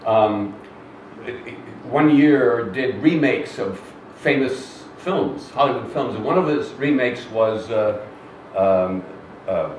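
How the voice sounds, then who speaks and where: An older male actor, interviewed on stage in a cinema hall, tells anecdotes to a live audience in a chatty, self-deprecating manner full of fillers and restarts. His mid-range voice is slow and darkish. The hall sounds roomy, picked up by a distant mic with faint noise.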